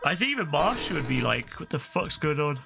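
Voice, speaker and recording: A man's voice: a little high, big pitch swings, brisk, vocal fry, music in the background. A young man chatting casually into a headset while streaming a game, swearing freely and using lots of fillers. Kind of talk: casual gaming stream commentary.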